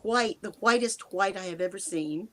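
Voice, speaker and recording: A woman in her sixties from the United States, a guest telling a personal encounter in a halting, emotional way, with a dry mouth and frequent restarts. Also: medium pitch. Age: 60s. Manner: halting, restarts sentences, speeds up and slows down. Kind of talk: emotional first-person storytelling.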